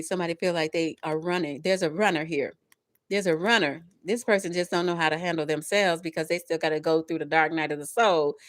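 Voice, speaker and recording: A woman doing a live tarot reading, talking in slangy, animated bursts with lots of laughter. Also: medium pitch, no echo. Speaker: tarot reader.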